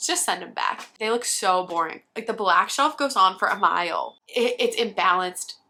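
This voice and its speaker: Brief: young woman vlogger, bright forceful voice, playful roast-style commentary. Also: mid-range voice, lively intonation, moderate pace. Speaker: book vlogger. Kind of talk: casual comedic commentary.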